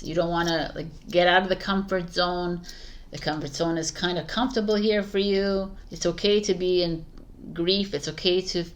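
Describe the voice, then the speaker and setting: Lower-pitched woman giving a casual tarot reading. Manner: casual, repetitive restarts, emphatic advice. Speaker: tarot reader. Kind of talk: spoken tarot reading to viewers.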